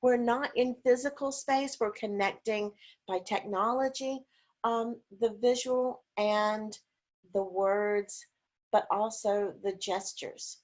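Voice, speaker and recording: A woman's voice: mid-range voice, steady tone, slow pace. A woman giving an informal conference talk on caregiving over a video call, chatty with frequent fillers and demonstrating voice examples as she goes.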